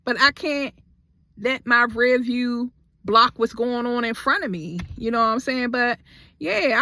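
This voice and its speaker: A woman's voice: on the high side, a little slow, pushed and bright, no echo. Blunt, cursing woman venting. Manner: blunt, heavy cursing, heated. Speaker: vlogger. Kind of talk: candid storytime vlog.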